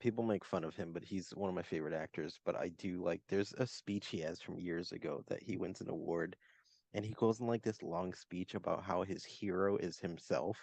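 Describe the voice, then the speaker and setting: Deep gravelly podcast man. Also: brisk, darkish tone, no room sound. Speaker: podcast co-host. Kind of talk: casual chat.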